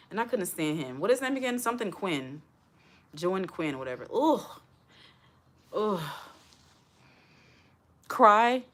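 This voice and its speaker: A woman talks straight to her livestream viewers in a chatty, emotional way. Her voice sits a little low, and she sounds close to tears. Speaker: livestream host. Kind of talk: casual livestream chat.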